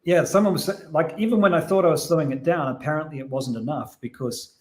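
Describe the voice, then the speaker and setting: A man with a mild New Zealand accent speaks as a podcast guest, quick and chatty. His voice sits a little high for a man. He tells stories in a relaxed, conversational flow. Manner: fast, chatty storytelling. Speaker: guest analyst.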